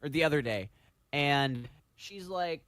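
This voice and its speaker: A young man on a podcast, casually telling animated stories and mimicking people. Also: unhurried, no room sound. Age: young adult. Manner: animated storyteller, mimics people in high voices. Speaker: podcast co-host, music student. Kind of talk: casual chat.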